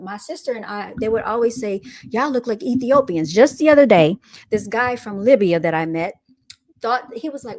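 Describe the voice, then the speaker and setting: A woman's voice: on the high side, animated, moderate pace. A young woman hosting a casual livestream, reading viewer comments aloud and answering them with amused, laughing retorts. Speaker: livestream host reading chat.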